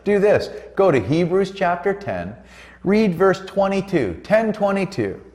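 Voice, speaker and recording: On a Christian talk show, a co-host preacher speaks with fervent, emphatic energy, lengthening the words he wants to stress. His voice is high, very animated and slightly mellow, and the room gives it a noticeable echo.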